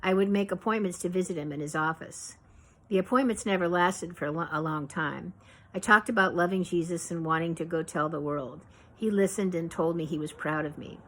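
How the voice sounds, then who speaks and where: A woman reading her own memoir aloud in a measured, reflective way. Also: lowish voice, a bit bright, poor audio.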